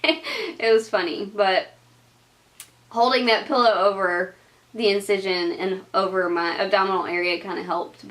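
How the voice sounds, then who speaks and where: A woman's voice: mid-range voice, a bit bright. A young woman vlogging, talking casually and chattily to camera, laughing often and using lots of filler words. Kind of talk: casual advice chat to camera.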